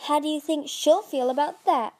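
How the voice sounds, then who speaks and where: A woman's voice: sits high, normal speed, voice pushed up. A woman voicing a fierce, snapping young female sea dragon princess. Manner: snapping, sharp-tongued.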